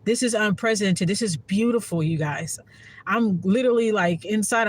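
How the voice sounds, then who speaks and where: A woman's voice: mid-range voice, moderate pace. A woman giving a heartfelt, profane casual monologue to her viewers as a spiritual content creator.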